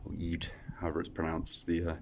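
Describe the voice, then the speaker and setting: Low-voiced rambling male travel vlogger. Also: completely flat delivery, brisk, a little hiss or hum. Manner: rambling, self-deprecating, many fillers and restarts. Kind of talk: casual travel vlog talk to camera. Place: echoey outdoor site.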